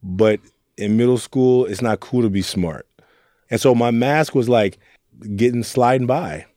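A man's voice: medium pitch, a little slow, dark tone, no echo, clean studio sound. A young man from Oakland, a youth mentor, speaking candidly and reflectively in an interview. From Oakland, California. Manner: earnest, reflective storytelling with quoted asides.

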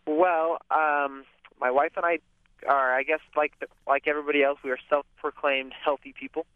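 A man's voice: on the high side, level tone, normal speed, no room sound. A man calling in to a radio show, telling a rambling story with a hesitant manner. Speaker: caller. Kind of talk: phone-in question. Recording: tinny phone line.

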